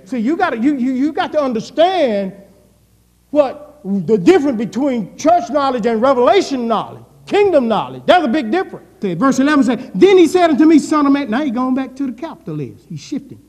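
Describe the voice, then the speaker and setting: Sing-song and fairly quick, this man's extremely high voice carries a darkish tone. He's a pastor delivering a sermon in an echoing church hall, leading call and response and swinging between quieter and more intense moments.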